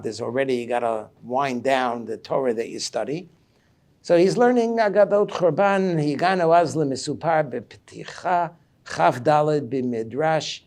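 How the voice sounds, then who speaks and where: A male rabbi giving an animated sermon lecture, reading passages in Hebrew and explaining them in English. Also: mid-range voice.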